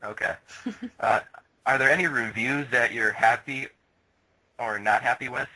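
A man's voice: mid-range voice, measured pace, sharp tone, husky, poor audio. A man hosting an interview over a video call, briefly and matter-of-factly reading out questions. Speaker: interview host.

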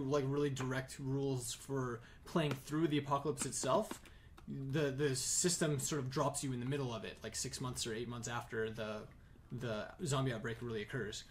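A man's voice: medium pitch, a little hiss or hum. A man running a tabletop game, explaining the rules while thinking aloud. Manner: rambling, thinking aloud with fillers. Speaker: game master.

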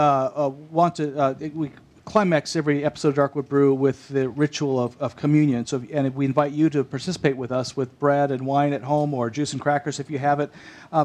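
Halting male talk-show host. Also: a little high, darkish tone. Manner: halting, many fillers. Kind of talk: hosting a faith talk show.

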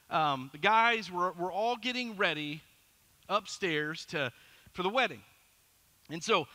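A middle-aged man preaching a sermon as pastor, telling a story in an animated, self-deprecating way. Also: sits high.

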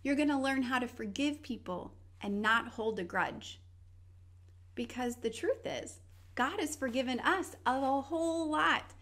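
A woman's voice: high voice, measured pace, a bit bright. A woman presenting a scripted Bible lesson for children, speaking to them directly in an encouraging way.

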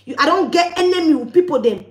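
A woman's voice: high voice, animated, quick pace, roomy sound. A woman with a West African Pidgin English accent, ranting at her viewers in a heated, scolding vlog. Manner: scolding, heated, with repeated warnings. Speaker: vlogger. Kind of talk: angry ranting monologue to viewers.

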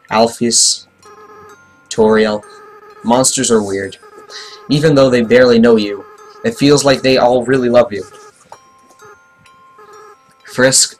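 A man reading aloud the lines of a remorseful young boy monster from a game, softly and gently. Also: mid-range voice, lightly acted, low-quality recording.

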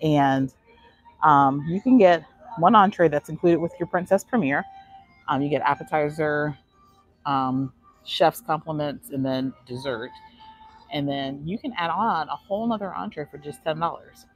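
A woman's voice: deep voice, measured pace, no room sound, soft background music, poor audio. A woman vlogger giving a chatty live walking tour of a cruise ship, answering chat questions, a little out of breath. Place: aboard a cruise ship, indoor decks.

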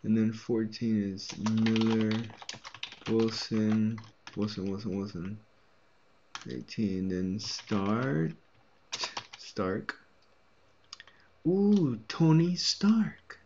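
A man with a lowish, creaky, fairly even voice speaks extremely slowly and pauses often as he mutters letters and names to himself while indexing records, adding self-deprecating asides. This is muttered screen-recording commentary, with muffled audio, loud typing, and a little hiss or hum.

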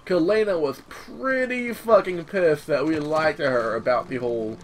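A man's voice: on the high side, normal speed, a little hiss or hum. A young man hosting a gaming channel, chatting casually over gameplay, rambling with many restarts and casual swearing. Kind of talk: let's-play commentary.

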